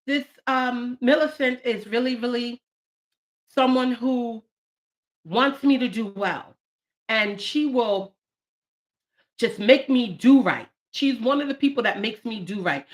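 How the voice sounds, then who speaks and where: A woman in her late forties hosting a live stream, talking warmly and emotionally about her poetry book and the people she dedicated it to. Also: medium pitch, measured pace. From United States. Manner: heartfelt, emotional, animated bursts. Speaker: channel host and poet.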